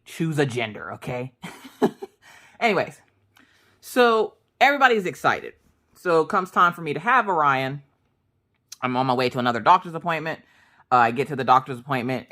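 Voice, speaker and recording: A woman in her thirties chatting casually to her viewers, telling stories with jokes and quick asides. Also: very deep voice. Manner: chatty, jokey, animated storytelling. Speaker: crafting vlogger. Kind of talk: casual storytelling chat.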